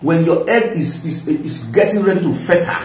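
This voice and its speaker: A man's voice: a little high, animated, normal speed, a little mellow, distant mic. Nigerian guy laughing n ranting on a reaction vid, echoey room, sits back from the mic. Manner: mocking, rambling, laughing often. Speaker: social media commentator. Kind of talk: reaction commentary.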